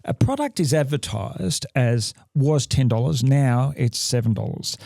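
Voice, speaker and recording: An Australian man co-hosting a podcast, gravelly and mellow in tone. He talks in halting bursts, stopping and restarting his sentences. The sound is dry and close. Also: mid-range voice, animated, dry recording. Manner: halting, many restarts and fillers. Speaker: podcast co-host. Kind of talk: casual chat. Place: podcast studio.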